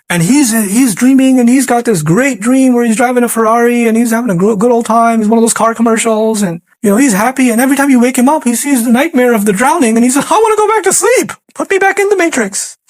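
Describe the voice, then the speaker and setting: A man's voice: very high voice, no room sound. A man giving an Islamic lecture, telling vivid stories and acting out scenes as he makes his points. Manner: animated storytelling, acting out scenarios; recites Quranic Arabic. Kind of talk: religious lecture.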